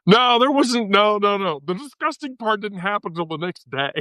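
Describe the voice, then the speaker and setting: A woman's voice: mid-range voice, animated, moderate pace, bright, forceful tone, dry recording. A woman hosting a livestream, telling a profane, laughing story in casual chat with frequent laughter. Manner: bawdy, profane, laughs through her story. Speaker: livestream host.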